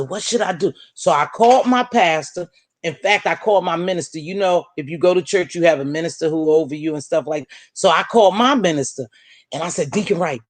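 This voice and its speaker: Animated woman storyteller, dry close sound. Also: low-pitched, dry recording. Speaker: vlog host. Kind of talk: casual storytelling chat.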